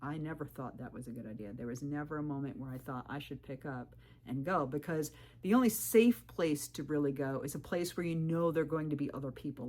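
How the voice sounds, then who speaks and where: A woman's voice: low voice, a little hiss or hum. A woman thru-hiker telling a story to camera. She talks candidly and emphatically, warning viewers, and acts out what people said with "I'm like". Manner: animated, retells talk with 'I'm like' quotes. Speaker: thru-hiker video creator.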